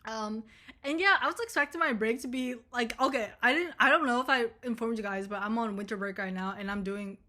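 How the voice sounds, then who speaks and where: A young woman vlogging casually, telling a rambling story full of swearing and animated retellings. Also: fairly high pitch, a little fast. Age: young adult.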